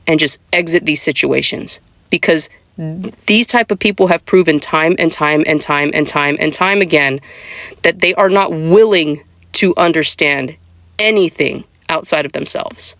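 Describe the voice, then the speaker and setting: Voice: mid-range voice, measured pace, a bit bright, no room sound, studio quality. A speaker giving casual commentary, driving points home by repeating phrases. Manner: emphatic, repeats phrases for effect.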